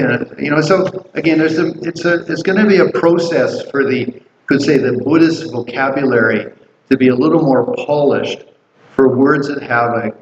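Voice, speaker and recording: Rambling male Buddhist teacher in echoey room. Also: mid-range voice. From Canada. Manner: rambling, storytelling, many restarts and fillers. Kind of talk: casual dharma class teaching. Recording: roomy, dull, faint noise.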